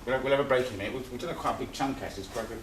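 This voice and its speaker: A man's voice: medium pitch, very fast. Man lecturing in an echoey room. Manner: repetitive, conversational, restarts phrases. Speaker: osteopathy seminar teacher. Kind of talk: live seminar lecture. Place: seminar room. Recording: echoey room, distant mic, faint hiss.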